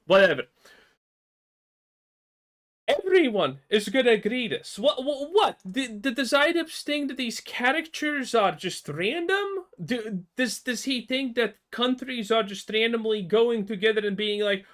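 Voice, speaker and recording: A man's voice: extremely high pitch, fairly bright tone. A man giving mocking, sarcastic reaction commentary, stammering as he rants.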